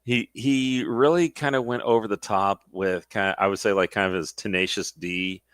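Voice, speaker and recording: A man's voice: on the low side, normal speed, clear, resonant tone, no echo, clean studio sound. Laughing man chatting about movies. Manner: laughs often, animated quoting of scenes. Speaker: podcast co-host. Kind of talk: casual chat about movies.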